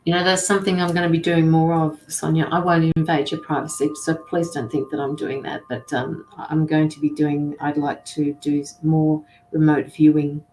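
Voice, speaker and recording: Brief: middle-aged woman, lowish voice, rambling and blunt with casual swearing, roomy echo. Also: flat delivery, moderate pace, hardly any pauses, a little mellow, slight background noise. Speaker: intuitive tarot and mediumship reader. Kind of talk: casual livestream reading.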